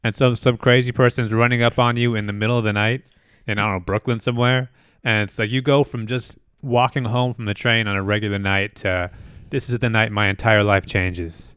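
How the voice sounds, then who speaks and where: A man's voice: mid-range voice, steady tone, fairly quick, fairly bright tone, smooth, dry recording. A man hosting a podcast in casual chat, talking things through with many restarts and easy laughs. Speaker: podcast host.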